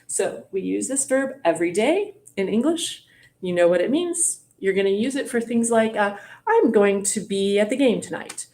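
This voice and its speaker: A woman's voice: mid-range voice, lively intonation, normal speed, darkish tone. A woman teaching a French grammar lesson, patiently asking questions and playing at mock surprise. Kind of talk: classroom teaching demonstration.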